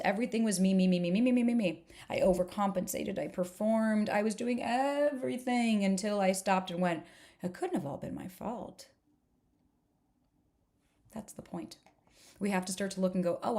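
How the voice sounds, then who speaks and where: A woman's voice: fairly low pitch, a little mellow. A woman coach walks through her dating program in a live workshop, talking straight and unfiltered, with the odd swear word. She keeps the pace going with strings of rhetorical questions aimed at her listeners. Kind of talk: live online workshop presentation.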